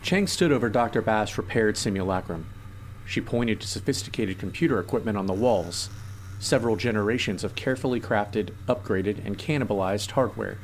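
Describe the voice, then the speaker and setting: A man narrating an audiobook in a steady, measured way. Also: on the low side, slight background noise.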